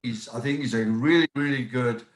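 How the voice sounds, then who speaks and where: A middle-aged man from England with a softened English accent, chatting casually as a guest on a podcast and often repeating words for emphasis. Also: mid-range voice, fairly quick. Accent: English, softened by years in the United States. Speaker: guest musician and promoter. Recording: roomy echo.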